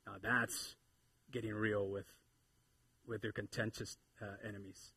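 Bright, animated man preaching a sermon. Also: a little fast, slightly rough, no echo. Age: 30s. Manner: animated, swinging from loud exhortation to low asides, playful. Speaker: pastor. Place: church sanctuary with congregation.

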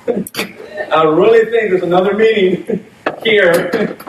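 High-voiced man preaching in an echoey room. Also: takes it slowly, pauses often. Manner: animated, conversational preaching with laughs. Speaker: pastor. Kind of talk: sermon. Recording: echoey room, mic at a distance, faint noise.

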